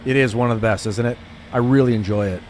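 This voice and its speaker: A man's voice: mid-range voice, fast talker, darkish tone, a little hiss or hum. A young man streaming a video game, chatting casually and rambling with lots of fillers and "like". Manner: rambling, filler-heavy, says "like" a lot. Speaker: gaming streamer.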